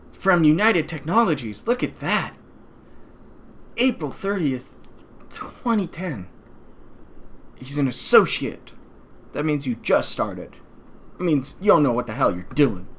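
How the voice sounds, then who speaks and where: Sarcastic man with lively, high pitch. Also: slightly rough. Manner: sarcastic and mocking, mimics the subject. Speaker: livestream host. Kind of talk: mocking reaction commentary.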